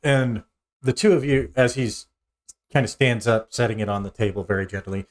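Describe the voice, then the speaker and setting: A man narrating a tabletop role-playing game as game master, animated and often restarting his sentences. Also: medium pitch, moderate pace.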